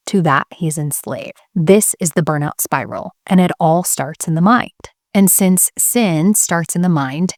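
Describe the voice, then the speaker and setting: A young woman who teaches Christian homemaking speaks to camera, telling candid, earnest stories about faith and motherhood. Her voice is fairly low and darkish in tone, recorded at studio quality with no echo.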